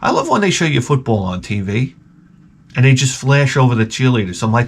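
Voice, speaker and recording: A man's voice: medium pitch, sing-song, a little fast, slight background noise. Profane rambling storytelling man. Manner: rambling, profane, with acted-out quotes. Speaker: channel host. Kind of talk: comedic storytelling rant.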